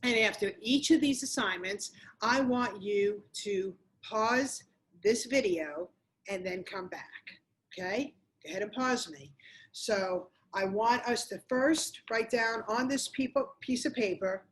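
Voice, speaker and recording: A woman's voice: medium pitch, unhurried, slight background noise. Emphatic middle-aged woman, motivational talk. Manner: emphatic and repetitive, speaking straight to the viewer. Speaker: motivational speaker on domestic violence. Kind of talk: motivational address to camera.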